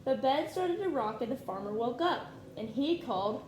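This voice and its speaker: A woman teacher reading a picture book aloud to her class in a slow, clear storytime delivery. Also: high-pitched, animated, a little mellow, echoey room, slight background noise.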